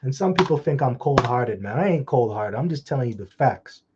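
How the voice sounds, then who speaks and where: A man giving an informal scripture talk, blunt and scolding with mocking asides, and reading the verses slowly. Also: mid-range voice, lively intonation, highs cut off, a little hiss or hum. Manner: slow, drawn-out scripture reading. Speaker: preacher.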